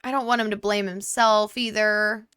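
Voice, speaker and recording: Bright, crisp-voiced young woman gamer. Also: medium pitch, fairly even intonation, moderate pace, dry recording. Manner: chatty, many 'like' fillers, empathetic. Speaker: gaming YouTuber. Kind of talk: let's play commentary, reading game texts aloud.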